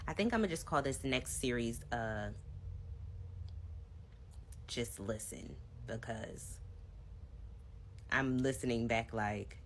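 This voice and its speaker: A woman with a notably low, deep voice tells her own story in a relaxed storytime vlog. She chats directly to her viewers. Her delivery is casual and conversational. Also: takes it slowly, pauses often, a little hiss or hum. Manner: chatty, addresses viewers directly.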